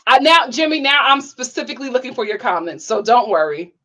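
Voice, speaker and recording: A woman's voice: quick pace, low-quality recording. Bubbly young woman chatting on a livestream. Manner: chatty, bubbly, many "like" fillers, jumps to high excited exclamations. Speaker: YouTube reality-TV reviewer reading live chat. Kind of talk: casual livestream chat.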